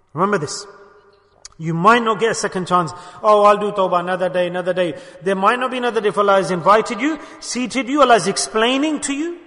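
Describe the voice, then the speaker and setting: A man's voice: high voice, bright, forceful tone. A man preaching a sermon at a mosque gathering, impassioned and urging his listeners with rhetorical questions. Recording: reverberant hall.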